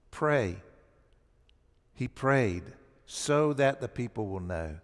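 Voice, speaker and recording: A male pastor delivers a sermon in a church sanctuary, and his voice trails into a long reverb. His pitch sits in the middle of the range. He speaks with emphasis and often stumbles into repeated restarts as he tells the story. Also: animated, takes it slowly, pauses often.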